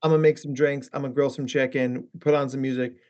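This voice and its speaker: A man's voice: medium pitch, flat delivery, quick pace, darkish tone. Rambling man on a muffled line. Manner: rambling, lots of fillers and asides. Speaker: podcast guest, therapist. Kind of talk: casual podcast chat.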